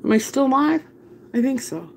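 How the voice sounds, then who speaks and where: A woman's voice: high voice, animated, normal speed, a little mellow. A woman hosting a casual live cooking stream from her home kitchen, chatty, laughing often and greeting viewers by name. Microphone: phone camera.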